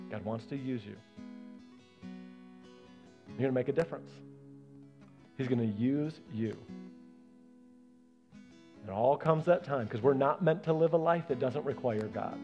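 A man preaching a sermon as pastor, animated, acting out the voices he quotes. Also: medium pitch.

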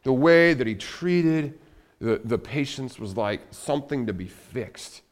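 A man's voice: lively intonation, a little slow. Man preaching in a storytelling sermon. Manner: conversational storytelling with many restarts; drops to a soft, low voice for heavy moments. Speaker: pastor. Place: church sanctuary.

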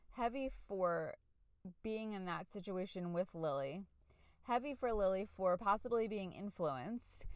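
Candid woman with a smooth voice, dry close mic. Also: mid-range voice, dry recording. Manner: candid, searching, with fillers and self-corrections. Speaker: podcast host, parent. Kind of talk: reflective personal podcast monologue.

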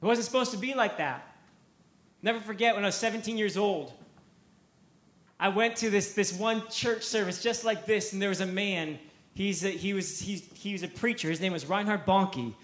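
A man's voice: high-pitched, normal speed, a bit bright, reverberant. A man preaching a sermon, telling a story with energy, repeating words and acting out the quotes.

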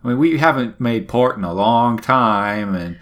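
A man's voice: mid-range voice, animated, a little slow, a bit bright, voice pushed up. A man voicing eager, rowdy male pirate crewmen who plead in a wheedling way.

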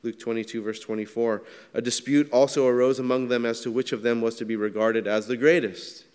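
Man preaching a relaxed sermon in a hall. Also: medium pitch, fairly quick, clear, resonant tone. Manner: conversational, asks the congregation questions. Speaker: pastor.

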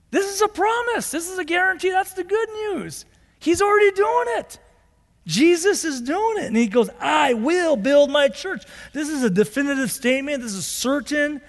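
High-voiced emphatic male pastor in a reverberant hall. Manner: emphatic, builds to high-pitched declarations; conversational asides and rhetorical questions. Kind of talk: sermon. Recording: long reverb of a large hall.

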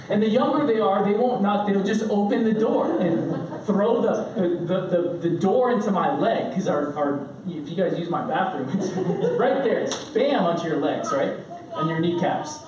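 A man in his thirties preaching a sermon, telling family stories with lively, animated delivery and playful impressions of his kids. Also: sits high, moderate pace. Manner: animated storytelling, acting out his kids' shouts. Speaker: pastor. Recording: roomy, distant, dull sound with faint room noise.

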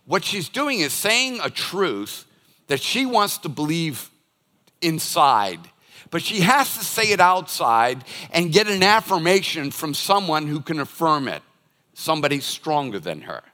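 An older male pastor delivers a sermon in a forceful, bright voice pitched a little high. He tells stories and acts out everyday moments as he preaches. His words ring out with the long reverb of a large hall. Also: sing-song, unhurried. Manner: storytelling, acting out everyday scenes.

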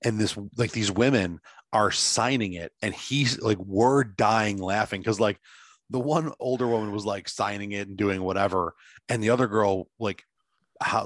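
A man's voice: fairly low pitch, no echo. A man in casual chat, telling a long rambling story full of fillers over a video call.

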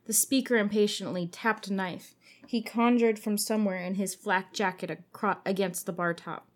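A woman's voice: mid-range voice, steady tone, normal speed. A woman co-host reads a gory story aloud in a loose, casual way. She giggles often and stumbles over words, then corrects herself and keeps going. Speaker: podcast co-host.

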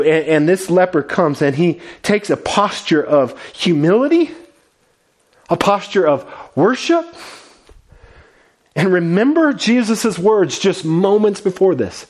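A man's voice: fairly high pitch, animated, measured pace, breathy edge. A man preaching a sermon, telling a scripture story with earnest, dramatic delivery. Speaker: pastor.

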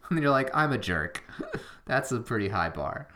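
A man's voice: mid-range voice, very animated, moderate pace, bright, forceful tone. Chatty guy rambling on a podcast mic, lots of ums, laughs at himself. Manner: rambling, chatty, self-deprecating with frequent fillers. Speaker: podcast co-host. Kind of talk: casual chat.

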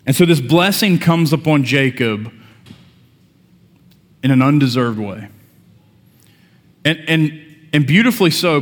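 Man preaching in a reverberant church. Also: mid-range voice. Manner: conversational preaching with joking asides to the congregation. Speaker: pastor. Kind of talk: sermon. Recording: long church-hall reverb.

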